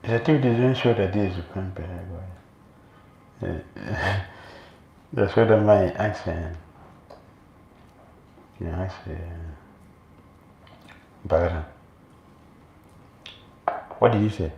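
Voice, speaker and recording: A man monk giving a sermon as an animated storyteller, recorded in a temple hall. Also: sits low, unhurried, gravelly, pauses often, muffled recording. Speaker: monk preacher. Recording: echoey room, faint noise.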